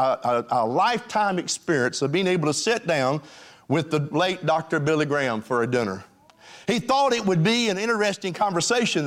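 A male pastor preaching a sermon to his congregation in a folksy, direct way. His voice sits high and leaps about, rising to emphatic peaks and dropping to hushed lows. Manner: animated preaching, swinging between high emphatic lines and low hushed ones.

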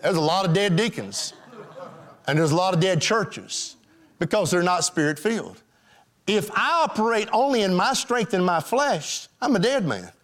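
A man's voice: high voice, sing-song, normal speed, fairly bright tone. A man preaching a sermon as pastor, calling out questions to his congregation. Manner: emphatic preaching, calls out to the congregation.

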